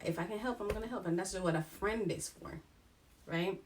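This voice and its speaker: A young woman talking candidly to camera in a personal vlog, frank and animated, about her own life. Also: mid-range voice, normal speed, slight background noise. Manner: frank, animated, mimics others in quoted asides. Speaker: vlogger.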